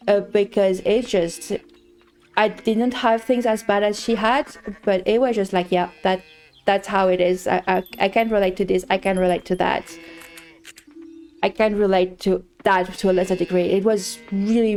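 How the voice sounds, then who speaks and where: A woman's voice: mid-range voice, a little mellow. A woman streamer chatting casually while playing a farming game, telling a story with many restarts and repeats.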